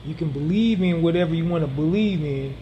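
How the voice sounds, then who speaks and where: Guy doing a solo podcast, kinda high voice, earnest, repeats himself a lot, lots of ums, faint hiss behind. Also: brisk, highs cut off. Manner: earnest, repeats phrases for emphasis, frequent ums. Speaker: podcast host.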